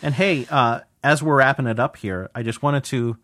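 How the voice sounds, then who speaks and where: A man's voice: medium pitch, moderate pace, a bit bright, no echo. A man with a mid-range voice co-hosts a podcast, talking in an easygoing, hesitant way with lots of fillers. The sound is dry and close, with no room around it. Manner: laid-back, hesitant with many fillers. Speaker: podcast co-host. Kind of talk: casual chat.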